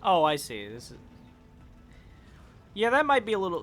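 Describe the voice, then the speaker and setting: Bright-voiced man streaming a game. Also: a little high, big pitch swings, fairly quick, pauses often, faint music behind. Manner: rambling, swears at failures, chats with viewers. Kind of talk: casual live-stream chatter while gaming.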